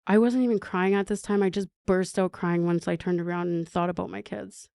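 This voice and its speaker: A woman's voice: on the low side, steady tone, a little fast, vocal fry, a little mellow, no room sound. A woman from Canada telling her recovery story as a podcast guest, earnest, with many "like" fillers and acted-out dialogue.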